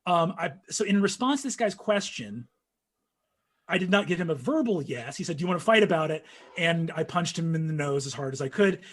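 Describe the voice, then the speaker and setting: A young man telling a story in casual conversation, animated and full of fillers, acting out what people said. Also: fairly high pitch, a little fast. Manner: animated storytelling, acts out quotes, frequent fillers.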